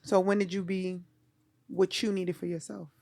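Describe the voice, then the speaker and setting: A woman hosting a podcast, gently reassuring her guest and asking direct questions. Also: on the low side, little pitch movement, normal speed, no echo. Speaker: podcast host. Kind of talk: supportive interview talk.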